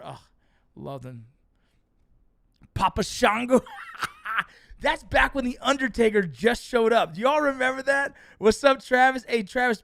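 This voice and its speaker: Profane, animated middle-aged man streaming. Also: high-pitched, clean tone, no room sound, studio quality. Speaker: livestream host reading chat. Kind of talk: casual livestream chat.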